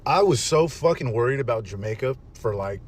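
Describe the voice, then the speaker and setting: A man giving excitable, profane casual reaction commentary. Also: mid-range voice, brisk.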